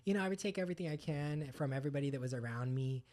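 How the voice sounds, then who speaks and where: A man who is a tattoo artist guest, telling stories in a rambling, animated way full of fillers. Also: fairly high pitch, rapid-fire. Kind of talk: casual podcast chat.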